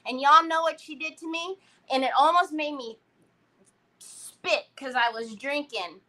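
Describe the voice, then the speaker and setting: A woman's voice: sits high, a little slow, pushed and bright, rough recording. A woman hosting a casual crafting livestream, chatting, laughing and greeting viewers by name.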